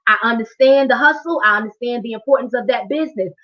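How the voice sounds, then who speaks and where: High-voiced woman coaching over a video call. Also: fast talker, dull audio. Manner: animated, preacher-like, talks straight to the audience. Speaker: financial coach hosting a training. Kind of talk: live online workshop talk.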